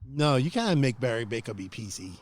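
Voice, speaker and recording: A man's voice: mid-range voice, big pitch swings, a little fast. Joking, talkative podcast co-host man. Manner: joking, talkative, repeats himself. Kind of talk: casual chat.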